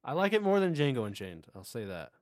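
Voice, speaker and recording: A man's voice: mid-range voice, big pitch swings, quick pace, a little mellow, no echo, studio quality. A man co-hosting a podcast in casual chat, enthusiastically retelling game scenes. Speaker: podcast co-host.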